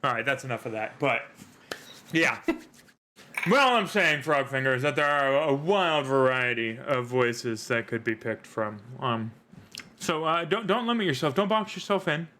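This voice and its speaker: A man's voice: mid-range voice, animated, normal speed, sharp tone. A man hosting a live tabletop role-playing stream as game master, joking and rambling with fillers.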